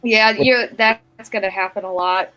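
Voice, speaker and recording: Woman from New Jersey, teacher, animated anecdotes, mid-range pitch. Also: poor audio. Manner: animated storyteller, quick self-conscious laughs. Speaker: teacher and guest. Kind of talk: casual chat.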